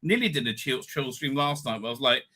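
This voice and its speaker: A man's voice: mid-range voice, expressive, fast, sharp tone. A man, rambling tiredly through a casual livestream, full of asides and restarts. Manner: chatty and digressive, with frequent restarts and "right?" asides. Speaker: livestream host.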